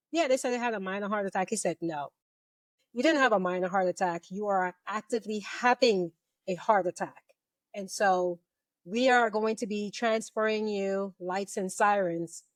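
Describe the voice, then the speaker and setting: A middle-aged woman with a mid-range voice recounts her experience as an interview guest. She tells it vividly and jumps into the voices of the people she quotes. The sound is dry and close, with no room echo. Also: medium pitch. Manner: animated retelling, acting out quoted voices. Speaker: guest, police officer. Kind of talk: storytelling in an interview.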